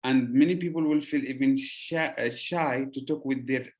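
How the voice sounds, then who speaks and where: A man from Yemen, a podcast host talking earnestly in casual conversation, pausing on "uh". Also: medium pitch.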